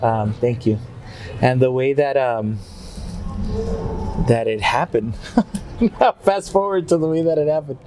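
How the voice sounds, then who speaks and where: A man's voice: medium pitch, slow pace, pauses often, background noise. A man who sings mariachi, a podcast guest, telling a story with Spanish phrases mixed in and acting out the people he quotes. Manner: animated, acts out quoted people in raised voices. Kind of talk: storytelling in an interview. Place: restaurant. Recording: clear background music.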